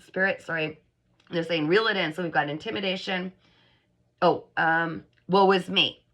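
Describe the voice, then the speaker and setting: A middle-aged woman giving a chatty, animated channeled psychic reading to her viewers, acting out whiny voices as she goes. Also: on the low side, moderate pace. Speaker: psychic reader. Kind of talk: channeled spiritual reading to camera.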